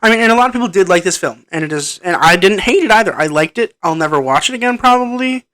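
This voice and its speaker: A man's voice: high voice, animated, fast, fairly bright tone, no room sound. A man giving a casual spoken film review into a computer microphone, rambling and hesitant with frequent ums and restarts. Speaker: movie reviewer. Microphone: microphone plugged into a computer.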